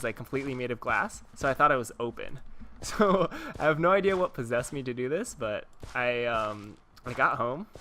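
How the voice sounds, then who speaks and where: A man in his twenties hosts a Minecraft let's-play, talking casually to his viewers, rambling and chuckling as he tells stories over the game. His voice is medium in pitch with a sharp tone, and there's a little background noise.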